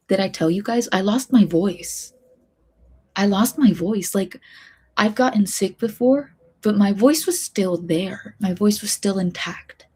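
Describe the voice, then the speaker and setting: Young woman streamer, breathy and husky, soft-spoken rambling chat that keeps dipping into whispers. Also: medium pitch. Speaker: streamer and hobby voice actor.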